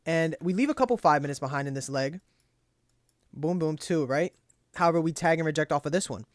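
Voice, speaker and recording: Young dude breaking down his trades, cusses a lot, kinda high voice, dry close sound, venting then pumping himself up. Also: a little fast, no echo. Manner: profane, frustrated self-talk, pep-talks himself. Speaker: trading journal host. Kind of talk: casual screen-share trade review.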